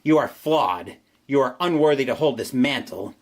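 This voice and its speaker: A man's voice: mid-range voice, lively intonation, normal speed, natural voice. A man voicing a huge cosmic entity that judges and scolds with contempt, read aloud from a game's story text. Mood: contemptuous.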